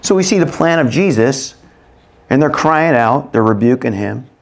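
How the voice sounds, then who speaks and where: A middle-aged man preaching a sermon in an expressive way, acting out voices in sudden loud, high bursts. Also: moderate pace. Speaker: pastor.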